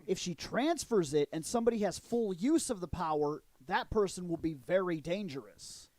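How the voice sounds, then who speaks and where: A man with a high voice chats loosely on a podcast, swearing freely and rambling through his points. The sound is dry and close, with no room around it. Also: expressive, moderate pace, darkish tone, no room sound. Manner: profane, rambling, laughs often. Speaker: podcast co-host. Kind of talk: casual chat.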